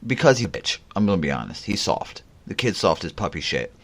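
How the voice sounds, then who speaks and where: A man's voice: low-pitched, big pitch swings, quick pace, creaky, fairly bright tone. A man hosting a casual podcast, telling stories in a blunt, profane way. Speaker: podcast host.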